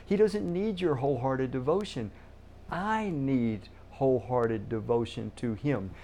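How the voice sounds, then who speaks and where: A man's voice: mid-range voice, unhurried, dark tone, a little hiss or hum. A middle-aged man preaching a sermon as pastor, emphatic and repeating key words for stress.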